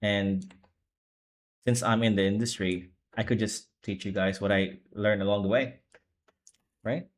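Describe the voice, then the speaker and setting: A sleepy young man with little energy chats casually on a live stream as he draws manga, rambling in an easygoing way and correcting himself as he goes. His voice is on the low side, with fairly even intonation, a measured pace and long pauses.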